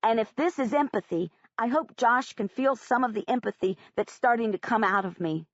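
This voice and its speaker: A woman narrating a first-person audiobook in an expressive, plain-spoken way. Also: a little high, normal speed, dry recording. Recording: dry, slightly muffled audiobook recording.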